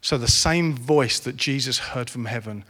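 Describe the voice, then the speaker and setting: A man's voice: mid-range voice, moderate pace, fairly bright tone. A man in his forties preaching a sermon, earnest and rising to impassioned. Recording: reverberant hall.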